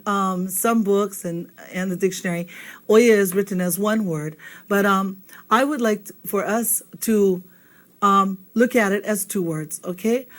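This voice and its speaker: A woman teaching a beginner language lesson, patient and repetitive, often checking in with the class. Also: mid-range voice.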